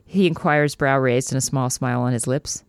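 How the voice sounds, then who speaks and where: Reading from a romance novel between giggles and banter, a podcast co-host from the United States puts on a low mock-dramatic voice and a poor British accent. She talks at normal speed with vocal fry and a clear, resonant tone, captured in a dry recording.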